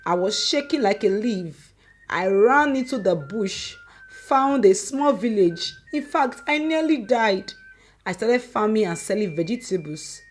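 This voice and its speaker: A woman voicing a furious, grieving middle-aged mother who shouts and scolds with sharp exclamations. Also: medium pitch, expressive, a little slow, a little hiss or hum, close to an everyday voice. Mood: tearful, bitter.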